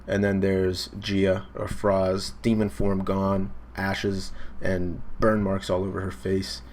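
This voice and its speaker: A man's voice: deep voice, completely flat delivery, slow, a little hiss or hum. A young man hosting a casual live manga reaction, laid-back and full of fillers as he recaps and reads panels aloud. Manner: laid-back, filler-heavy, briefly acting out character shouts.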